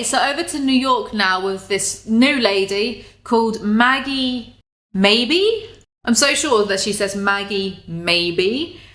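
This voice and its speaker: A woman's voice: mid-range voice, a bit bright. A woman commentator with a mid-range voice, chatty and sarcastic. She rolls her eyes through the material in a loose, casual video-commentary style, dropping the odd swear. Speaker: commentary YouTuber.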